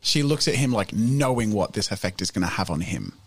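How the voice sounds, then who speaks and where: A man narrating a tabletop game as game master, acting out characters with sudden shouts. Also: on the low side, animated, a little fast, breathy edge, faint music behind.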